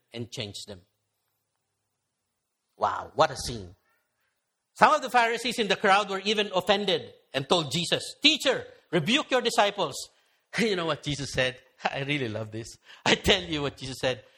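A male pastor preaching a sermon, telling the story vividly and acting out voices from the crowd. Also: a little high. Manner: animated storyteller voicing crowd members.

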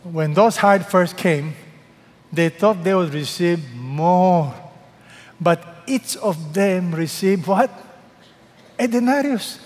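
A man with a Filipino accent preaching a sermon, animated and quizzing his congregation, playing out the voices of the people in the story. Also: high voice, slow, pauses often, big-room sound. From Philippines. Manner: animated, asks the congregation questions and acts out voices. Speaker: pastor.

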